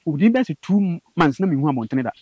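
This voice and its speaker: Fast-talking husky man telling a story. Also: dry recording. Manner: fast, animated storytelling with sudden high bursts. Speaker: guest telling his story. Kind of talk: personal testimony in conversation.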